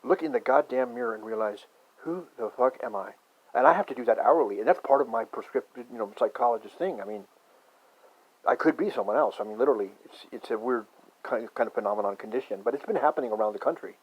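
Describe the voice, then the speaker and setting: A man in a rambling, profane conspiracy rant that swings from muttering to shouting. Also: medium pitch, fast. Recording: dull lo-fi recording.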